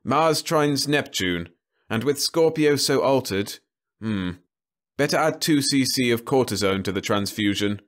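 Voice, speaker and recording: Man voicing a brisk middle-aged doctor, clipped, matter-of-fact, raised pitch, fantasy audiobook. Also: expressive, natural voice. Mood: clinical.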